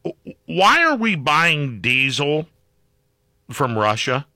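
Male talk radio host, chatty and rambling, very bright, animated delivery. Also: on the high side, slow, dry recording, clean studio sound. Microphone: studio microphone.

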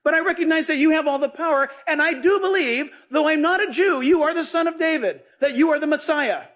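A man's voice: extremely high pitch, a little fast, a bit bright, voice pushed up. A man acting out a desperate Canaanite mother begging for help, in a raised, urgent voice. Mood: earnest.

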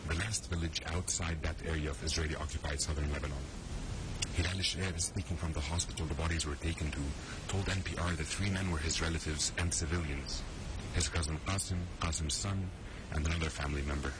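A man filing a field news report as a foreign correspondent, in a steady, serious way. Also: very deep voice, background noise.

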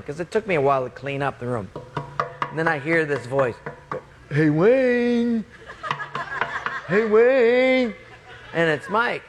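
A man preaching a sermon, telling an animated personal story and acting out the quotes. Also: fairly high pitch, noisy background.

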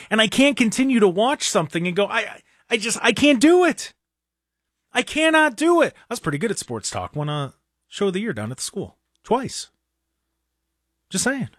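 A man's voice: sits high, fairly bright tone, breathy edge, no echo, clean studio sound. A young adult man, hosting a sports talk show and ranting in an exasperated, emphatic way. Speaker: sports talk radio host.

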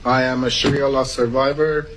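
A man's voice: medium pitch, little pitch movement, normal speed, a bit bright, a little hiss or hum, low-quality recording. A man from Iran giving urgent, emotional public testimony at a podium microphone. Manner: urgent, emotional, rising to pleading. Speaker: public commenter at a meeting.

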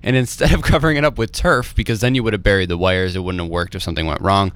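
A man's voice: low-pitched, very fast, clear, resonant tone, dry recording. Chatty man telling stories on a podcast. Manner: animated storyteller who acts out quoted voices; filler-heavy, uses "like" constantly. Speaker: podcast co-host. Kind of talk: casual chat.

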